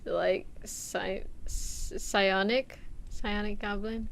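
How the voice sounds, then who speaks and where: A woman's voice: mid-range voice, steady tone, unhurried, vocal fry, slight background noise. A young adult woman streaming a game, chatting casually, reading chat aloud and laughing often. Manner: giggly, playful, reads chat aloud.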